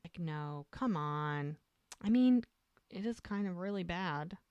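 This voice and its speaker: A woman's voice: fairly low pitch, expressive, slow, dull audio, crowd noise. A woman co-hosting a podcast, casually retelling TV scenes and acting out the characters' lines. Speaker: podcast co-host. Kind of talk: casual recap chat.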